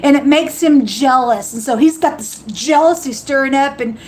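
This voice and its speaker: Woman, high voice, fiery preachy livestream host, warns and quotes scripture, faint hiss behind. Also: normal speed, darkish tone, low-quality recording. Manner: fiery and warning, quoting scripture.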